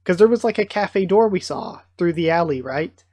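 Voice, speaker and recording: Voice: medium pitch, lively intonation, normal speed, a little mellow, no echo. A YouTuber reading a manga aloud and chatting about it, wondering aloud with frequent ums. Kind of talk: casual comic readthrough with commentary.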